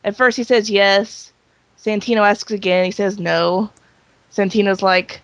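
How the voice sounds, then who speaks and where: A woman's voice: mid-range voice, steady tone, no room sound, highs cut off. Dry-voiced heckling woman co-host. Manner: dry, quick to agree and heckle. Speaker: podcast co-host. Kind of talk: casual chat.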